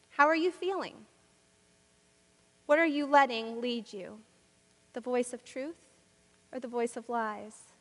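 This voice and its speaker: A woman's voice: fairly high pitch, sharp tone, in a large hall. A woman preaching a sermon in a church, with rhythmic, repetitive and emphatic delivery.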